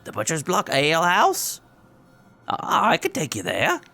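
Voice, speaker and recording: A man's voice: fairly high pitch, wildly swooping pitch, a little slow, vocal fry, pushed and bright, no echo, voice pushed up, exaggerated voice. A man voicing a shifty, pushy woman tout in a tabletop game, with a wheedling way of talking.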